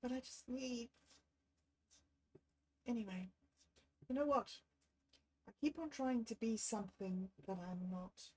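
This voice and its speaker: A woman's voice: on the high side, a little slow, pauses often, a little mellow, poor audio. Frank, rambling woman livestreaming. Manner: candid and self-deprecating, thinking aloud. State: low and unwell.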